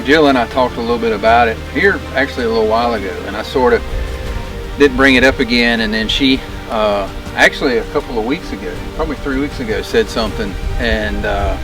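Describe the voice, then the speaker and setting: A man hosting a documentary vlog, talking earnestly with halting pauses and fillers. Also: medium pitch, low-quality recording. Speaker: documentary host. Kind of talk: casual vlog narration.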